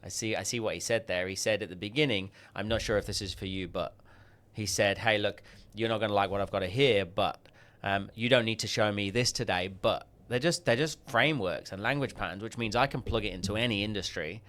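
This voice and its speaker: An Australian man as a podcast guest, telling stories and acting out quoted dialogue with lively jumps in pitch. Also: brisk, few pauses. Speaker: guest, sales coach. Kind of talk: podcast interview storytelling.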